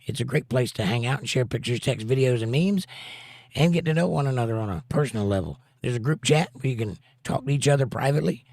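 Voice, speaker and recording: A man's voice: mid-range voice, lively intonation, fast talker, creaky, a little mellow, dry recording, clean studio sound. A man hosting a casual livestream, joking around and reading viewers' chat messages aloud. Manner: jokey, reads chat aloud. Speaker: host.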